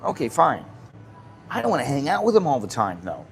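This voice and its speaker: A man's voice: medium pitch, huge pitch swings, fairly quick, gravelly, slight background noise. An American man hosting a casual live stream, talking bluntly in a rambling way and swearing freely. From United States.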